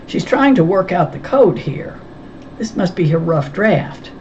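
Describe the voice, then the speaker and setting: A woman's voice: on the low side, big pitch swings, a little slow, a little mellow, lo-fi sound, slight background noise, pitched above the performer's own voice. A woman voicing an earnest, brainy sixth-grade girl who explains things eagerly.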